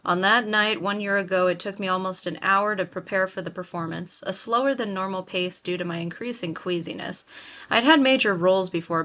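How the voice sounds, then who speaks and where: Expressive woman reading a novel aloud. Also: lowish voice. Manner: expressive storytelling with acted quotes. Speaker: audiobook narrator. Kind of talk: first-person audiobook narration.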